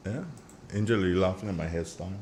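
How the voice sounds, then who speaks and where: A middle-aged man with a Grenadian accent hosting a morning radio show, chatty and joking as he sends shout-outs to listeners. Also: low voice, fast talker, slight background noise. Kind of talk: casual morning radio chat.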